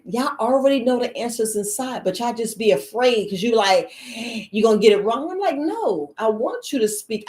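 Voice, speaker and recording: A woman life coach chatting casually to her listeners, lively and laughing, her voice jumping high for mock quotes. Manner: animated, jumps to high squeals for mock quotes, laughs often. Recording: roomy echo.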